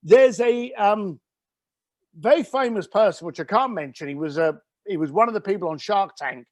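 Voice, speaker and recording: A man's voice: high-pitched, animated, moderate pace, no echo. A middle-aged man, a business founder, telling blunt, emphatic stories as an interview guest and swearing casually. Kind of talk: conversational interview storytelling.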